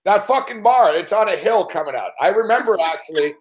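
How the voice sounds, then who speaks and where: A man's voice: high-pitched, animated, a little fast, slight background noise. A man hosting, teasing his co-host with profane, laughing banter. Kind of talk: casual banter.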